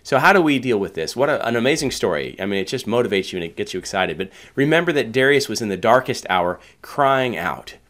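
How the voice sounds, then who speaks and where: A man's voice: on the low side, lively intonation, quick pace, hardly any pauses, a bit bright. A man preaching a sermon, reading scripture and asking the listeners earnest questions. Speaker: pastor.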